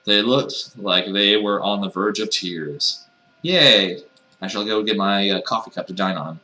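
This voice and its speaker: A low-voiced man with a bright, forceful edge to his sound reads game text aloud. He keeps breaking off into wry, mocking asides, playing the dialogue for laughs. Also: steady tone, moderate pace. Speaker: let's player reading a visual novel aloud. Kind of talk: comedic reading with sarcastic asides.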